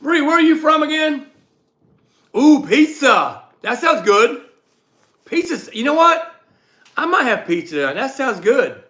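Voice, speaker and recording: A man hosts a relaxed live stream and chats with viewers in a loud, animated way. His voice sits high for a man and has a bright, forceful edge. He keeps the talk easygoing and answers questions as they come in. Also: unhurried. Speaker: livestream host and reseller.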